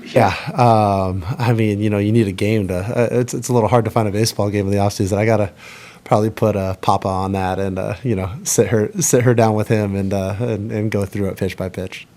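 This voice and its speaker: A man in his thirties, a baseball pitcher, answering press conference questions in a rambling, halting way with many fillers. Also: fairly even intonation, darkish tone.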